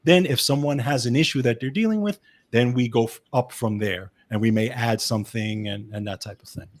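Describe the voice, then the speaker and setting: A man's voice: medium pitch, fairly quick. A man with a Brooklyn accent, a health and wellness specialist explaining supplements in a casual chat. He talks in an explanatory way, often adding "okay" and restarting his sentences.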